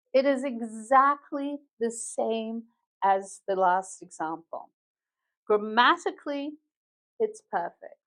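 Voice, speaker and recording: A woman with a London accent delivers an online English lesson in a slightly high voice. Her teaching is clear and patient, and she explains each point step by step. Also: low-quality recording. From England.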